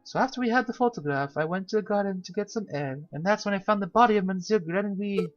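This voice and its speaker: A game player reads aloud as a cheerful, naive young cat lady, telling her tale in a bubbly, bouncy, sing-song manner with an eager mood. The voice is mid-range and fast, pushed up slightly but close to an everyday voice. The recording is a little dull and lo-fi, with faint music underneath.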